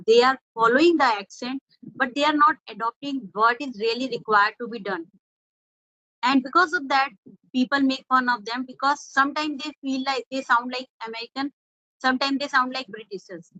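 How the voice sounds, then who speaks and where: A woman's voice: sits high, a little fast, pushed and bright, dry recording. A woman interviewing a guest in an English-practice conversation, earnestly summing up points and asking questions. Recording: dull lo-fi audio.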